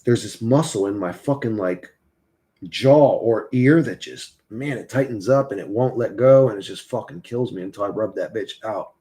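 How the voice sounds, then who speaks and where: A man's voice: on the low side, moderate pace, mellow. A man live streaming in a casual, rambling, profane way, reading and answering his chat.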